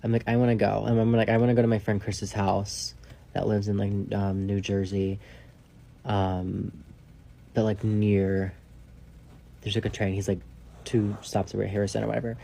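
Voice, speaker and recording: Gravelly rambling man telling a story. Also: fairly low pitch, flat delivery, moderate pace, pauses often. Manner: rambling, profane, heavy use of "like"; drops to a hushed whisper for asides. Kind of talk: casual storytime.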